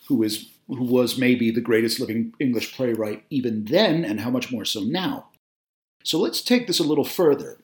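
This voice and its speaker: Guy doing a film essay, opinionated, lots of um and you know, keeps fixing his words. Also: medium pitch. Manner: talkative and opinionated, with frequent fillers and self-corrections. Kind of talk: spoken video essay on film.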